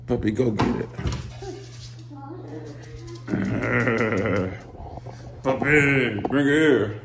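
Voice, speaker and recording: A young man hosting a casual home vlog, playfully coaxing kids and dogs and laughing often. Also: on the low side. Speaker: vlogger. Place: home kitchen. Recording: noisy home recording.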